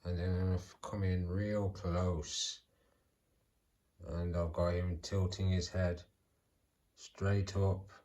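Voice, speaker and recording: A calm man who hosts a toy figure channel narrates a casual vlog while posing figures. He talks slowly and unhurriedly in a low voice, as if to himself, and the audio sounds dull.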